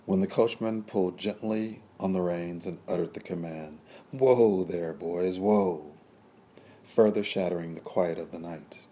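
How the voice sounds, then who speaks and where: Deep, dark-voiced male audiobook narrator. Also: steady tone. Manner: measured, descriptive storytelling.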